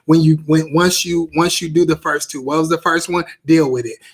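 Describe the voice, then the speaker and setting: A man's voice: on the high side, fairly even intonation, moderate pace, husky. Emphatic man teaching on marriage. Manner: emphatic, repeats phrases like a preacher. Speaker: co-host of a marriage talk show. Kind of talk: live-streamed marriage teaching.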